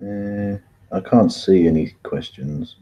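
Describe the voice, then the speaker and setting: A man co-hosting a casual talk show, joking and teasing his co-host with a husky voice. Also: sits low, slow pace. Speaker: podcast co-host. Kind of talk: casual chat. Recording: dull lo-fi audio.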